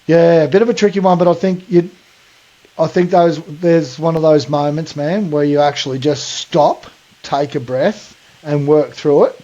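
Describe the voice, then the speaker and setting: A man's voice: on the high side, moderate pace, warm tone, highs cut off. An Australian man co-hosting a podcast, talking bluntly in casual chat and calling people mate. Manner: blunt, ranting, says mate a lot. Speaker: podcast co-host.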